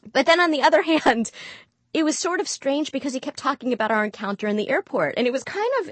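A woman with a fairly high voice recounts a personal story, candid and animated, acting out each bit of quoted dialogue. The recording is dry and close, with no room sound. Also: no room sound. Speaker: guest storyteller.

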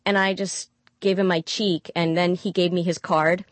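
A woman telling a personal story in an interview, candid and animated, acting out the dialogue she quotes. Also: lowish voice, moderate pace, no room sound. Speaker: guest storyteller.

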